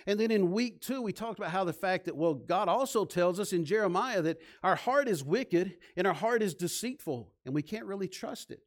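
A man's voice: high voice, animated, normal speed, hardly any pauses. A male pastor preaching a sermon, telling stories and counting off his points with emphasis.

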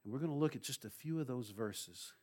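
A man preaching a sermon, retelling a story with lively humor and asides to the congregation. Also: mid-range voice, brisk, breathy edge. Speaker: pastor.

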